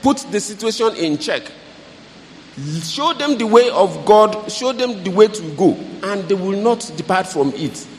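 Man, high voice, earnest exhortation, echoey hall with faint hiss. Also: expressive, a little slow. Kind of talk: preaching advice. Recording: hall reverb, faint noise.

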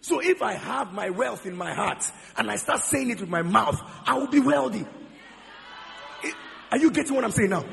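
A man's voice: high-pitched, lively intonation, moderate pace, gravelly, a bit bright, a little hiss or hum. A man preaching a sermon, quizzing the congregation and repeating key phrases. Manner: call-and-response questioning, repeats key phrases. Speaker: pastor. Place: large church hall. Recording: long church hall reverb.

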